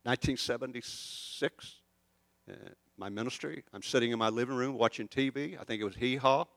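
A man's voice: mid-range voice, fairly quick, creaky, a bit bright, no room sound. An older man preaching a conversational sermon, rambling and poking fun at himself as he tells stories. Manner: rambling, chatty and self-deprecating. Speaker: pastor.

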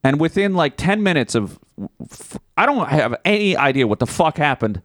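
A man in his forties trades profane jokes and stories as a podcast co-host. His pitch swings widely as he talks, and his voice sounds dry and close, with no room around it. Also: normal speed, dry recording. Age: 40s. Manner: profane, joking, animated storytelling. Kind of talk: casual chat.

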